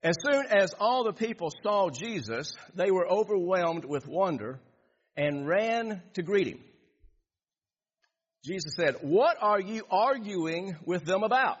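A pastor preaching a sermon, reading scripture and repeating phrases for emphasis. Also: male voice, sits high, slightly rough. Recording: dull echoey hall.

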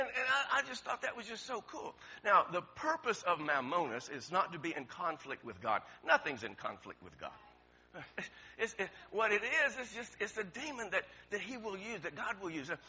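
A man preaching a sermon in an animated way, chuckling often and repeating words as he goes. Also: high-pitched, slightly rough. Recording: dull lo-fi sound.

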